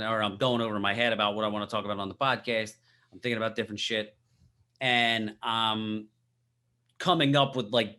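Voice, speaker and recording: A man's voice: fairly low pitch, bright, forceful tone. A man co-hosting a podcast, telling stories in casual chat with hesitant restarts and swearing. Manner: storytelling, hesitant, profane. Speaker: podcast co-host.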